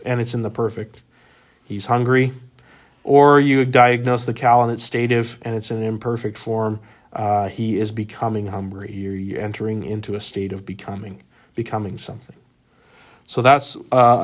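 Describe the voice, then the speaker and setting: A man with a fairly low voice leads a men's Bible study, walking through grammar points in an informal, explanatory way. He pauses often with ums and uhs as he works through a worksheet in a meeting room.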